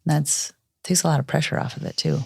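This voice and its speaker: A woman's voice: sits low, steady tone, fairly quick, vocal fry, slightly rough. A woman co-hosting a podcast, chatting in an encouraging, heartfelt way. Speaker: podcast co-host. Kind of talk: casual conversation.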